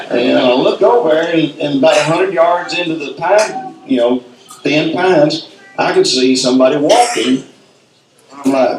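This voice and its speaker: A man's voice: medium pitch, moderate pace, slight background noise. Southern storyteller, middle-aged man, folksy, echoey hall, a bit distant from the mic. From North Alabama, USA. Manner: folksy, acts out sounds and quotes. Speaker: speaker at a symposium. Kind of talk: storytelling talk. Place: event hall.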